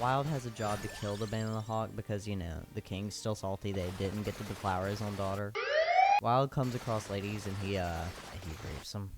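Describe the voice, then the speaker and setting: Man, low voice, crude sarcastic ranting, slangy, steady noise behind. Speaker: youtuber recapping an anime. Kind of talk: comedic ranting recap.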